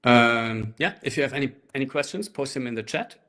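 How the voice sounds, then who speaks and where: Faint handpan playing sits behind this laptop-mic recording of a live online workshop. The man, medium-pitched and brisk, walks through rhythms in a laid-back way and chants the rhythm syllables aloud.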